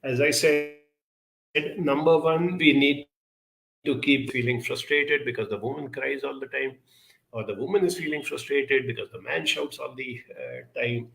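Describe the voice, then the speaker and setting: A man giving advice and answering audience questions in an earnest, measured way, pausing often with 'uh' between phrases. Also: medium pitch, creaky, a bit bright, roomy sound. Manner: measured, earnest, with frequent pauses and 'uh' fillers. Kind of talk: advice talk.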